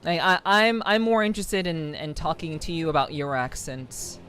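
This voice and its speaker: A woman's voice: low-pitched, expressive, moderate pace, fairly bright tone, slight background noise. A woman streamer chatting casually with her viewers while playing, laughing often and reacting to chat. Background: game music.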